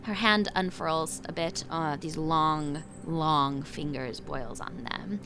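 A woman's voice: deep voice, fairly even intonation, slow pace, noisy background. A woman running a tabletop game as game master, narrating vividly and loosely with fillers.

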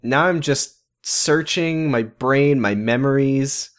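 A man in casual comedic podcast chat, talking at a middling pitch. He rambles and restarts his sentences in loose, joking banter with his co-host. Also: slow pace. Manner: rambling, self-interrupting.

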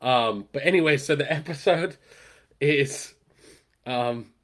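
A man with a voice of ordinary pitch chats casually on a podcast. He rambles through a retelling with plenty of ums and likes, and his voice rises and gets louder when he acts out what characters say. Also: slow pace. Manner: rambling, lots of fillers, acts out quoted lines louder. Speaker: podcast co-host. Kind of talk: casual chat, retelling a TV episode.

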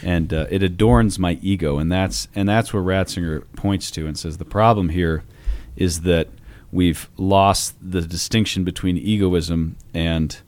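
A man with a low, steady, darkish voice speaks at a measured pace with few pauses. Co-hosting a podcast, he discusses theology casually and conversationally, digressing, telling anecdotes, and using fillers.

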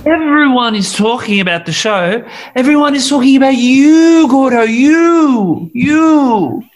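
A man playing a gushing, scatterbrained theatre director who flatters his cast. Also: very high-pitched, measured pace.

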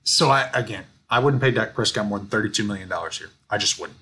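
A man co-hosting a sports podcast, telling stories in an animated, ranting way. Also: on the low side, fast, slight background noise. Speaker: podcast co-host. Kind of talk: casual sports chat.

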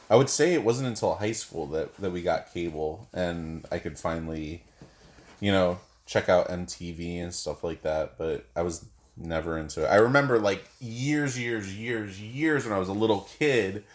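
A man with a fairly low voice, co-hosting a casual podcast. He talks in a loose, rambling way, full of jokes and asides. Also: unhurried. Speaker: podcast co-host. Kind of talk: casual chat.

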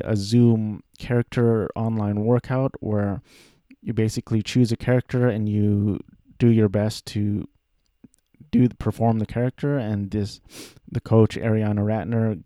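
A man in his thirties talking casually about his life, rambling and self-deprecating, with halting restarts. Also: fairly low pitch, dark tone, no room sound, studio quality. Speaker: aspiring voice actor. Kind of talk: casual personal monologue.

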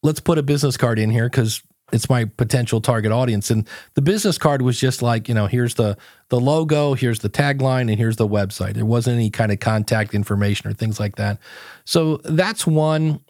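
A man's voice: medium pitch, normal speed, darkish tone, no echo, clean studio sound. A man guesting on a podcast, telling stories in a casual chat and acting out his own quotes.

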